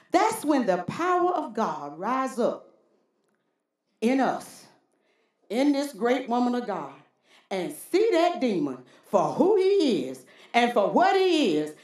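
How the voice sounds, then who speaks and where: High, lively woman pastor preaching. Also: echoey room. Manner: call-and-response preaching with frequent "Huh?". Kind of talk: sermon.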